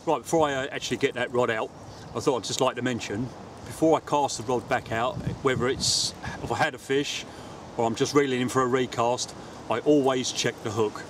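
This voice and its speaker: A man's voice: medium pitch, steady tone, brisk, a little hiss or hum. A man chatting casually to camera as he fishes by a lake, explaining his tackle as he goes. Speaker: angler vlogger. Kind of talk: casual outdoor fishing vlog. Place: outdoors by a lake.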